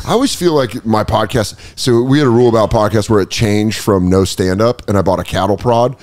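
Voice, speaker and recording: A man hosting a comedy podcast, riffing casually and slipping into quick put-on voices for jokes. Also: on the low side, darkish tone. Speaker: podcast host.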